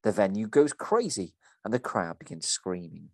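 A man's voice: lowish voice, animated, moderate pace, gravelly, darkish tone, no room sound. A man co-hosting a podcast, reading a script aloud and discussing it with a theatrical delivery.

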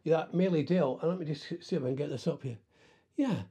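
A middle-aged man hosting a radio show, rambling in casual chat with lots of halting restarts and self-deprecating asides. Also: on the high side, warm tone, husky. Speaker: radio host.

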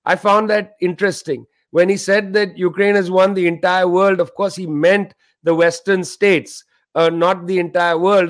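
A man hosting a news program, giving measured, emphatic commentary with frequent fillers. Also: high voice. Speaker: news show host.

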